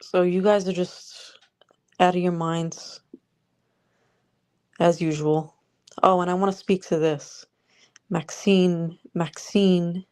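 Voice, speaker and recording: A woman's voice: on the low side, steady tone, slow pace, long pauses, a little mellow, clear, resonant tone. A woman vlogger ranting sarcastically about politics straight to the viewer. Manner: sarcastic, exasperated, talks to the viewer.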